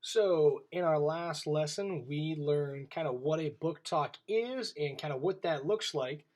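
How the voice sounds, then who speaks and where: A man's voice: a little high, measured pace, darkish tone, low-quality recording. Friendly male teacher talking to children. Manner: clear, friendly teacher voice, talks straight to camera. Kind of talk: classroom video lesson for children. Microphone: camera in front of him.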